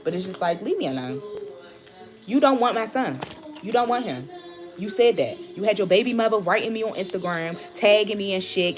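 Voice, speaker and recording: Woman tarot reader going off on her viewers, cussing, says stuff twice. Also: mid-range voice. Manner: heated, blunt, swears a lot, repeats herself. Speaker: tarot reader and channel host. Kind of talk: casual ranting vlog.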